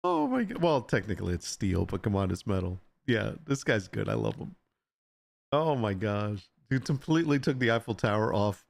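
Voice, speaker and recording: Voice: medium pitch, very animated, moderate pace, creaky. A live-stream host in casual chat, reading viewer requests aloud and often laughing while reacting to photos.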